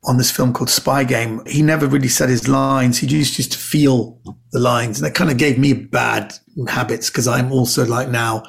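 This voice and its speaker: A man, a comedian and actor, telling animated anecdotes as a podcast guest, often repeating words. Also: medium pitch, moderate pace, creaky. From Britain. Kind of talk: casual storytelling chat.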